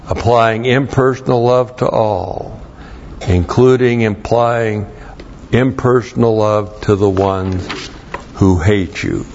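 A man gives an expository Bible lesson at a slow, deliberate pace, leaning hard on key words and repeating them. He spells out Greek terms letter by letter. The sound is dull and lo-fi, like an old sermon tape. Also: medium pitch. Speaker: Bible teacher. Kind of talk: expository Bible teaching with Greek word study.

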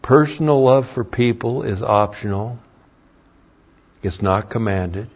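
A man's voice: on the low side, slow, pauses often. An older man preaching a sermon as a pastor, moving between folksy storytelling and emphatic preaching. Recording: dull lo-fi sermon recording.

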